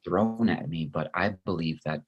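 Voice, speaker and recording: A man with a very low, husky voice recounts his life story to an interviewer. He talks earnestly and with feeling, reflective and sincere, in a relaxed conversational flow. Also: moderate pace, muffled recording. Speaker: interview guest, actor.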